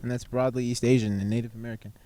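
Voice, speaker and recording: A man's voice: mid-range voice, level tone, very fast, mellow. A young man chatting casually outdoors on a rooftop, joking and laughing often as he guesses. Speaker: co-host guessing ancestry results. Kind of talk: casual banter.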